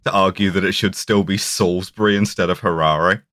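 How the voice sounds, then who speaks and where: A man's voice: low-pitched, steady tone, a little fast, a bit bright, no echo, studio quality. A man co-hosting a podcast, joking in casual banter with a sardonic, sweary manner.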